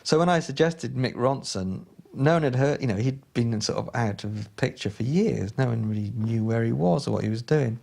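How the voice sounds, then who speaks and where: A man's voice: mid-range voice, normal speed, vocal fry, few pauses, a little mellow. A man in an interview, telling an anecdote in a hesitant, rambling way with many restarts. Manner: hesitant, full of fillers and restarts, storytelling. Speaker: interviewee, former collaborator.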